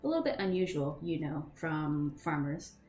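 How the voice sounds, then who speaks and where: Casual woman game master, lower voice, echoey room with soft music behind. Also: big pitch swings, moderate pace. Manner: casual, many ums and restarts. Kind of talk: narrating a tabletop game.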